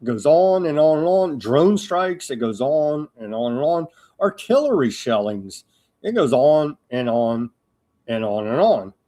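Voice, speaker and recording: A man's voice: fairly high pitch, sing-song, a little slow, warm tone. A man hosting a live political news commentary show, talking in a sarcastic, mocking way with lots of fillers and restarts.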